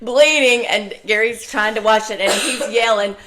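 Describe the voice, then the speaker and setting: Bright-voiced older woman telling stories. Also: a little high, normal speed. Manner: animated storyteller, laughs often, acts out quotes loudly. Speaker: podcast host. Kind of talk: casual chat, storytelling.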